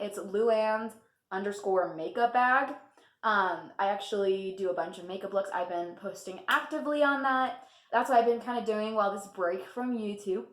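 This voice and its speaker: Chatty young woman in an echoey room. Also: mid-range voice. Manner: chatty, laughs often, lots of fillers. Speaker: vlogger. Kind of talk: casual storytime vlog.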